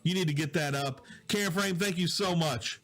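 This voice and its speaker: A man's voice: fairly high pitch, moderate pace, a bit bright. Chatty man hosting a live stream. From Southwest Louisiana. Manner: chatty, greets viewers and reads out comments. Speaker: digital host. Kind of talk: casual live-stream chat. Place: home office. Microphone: low-volume mic with problems.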